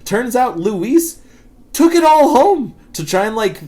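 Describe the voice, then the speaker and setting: Speaking slowly in a very high-pitched voice, a thirty-something man co-hosting a podcast spins work anecdotes. The chat is casual, and his storytelling is lively, full of profanity and laughter.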